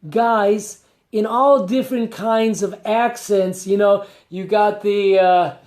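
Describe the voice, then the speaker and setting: A man's voice: high-pitched, steady tone, takes it slowly, darkish tone. A man, a rabbi, giving a conversational Torah class with rhetorical questions and asides. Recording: echoey room.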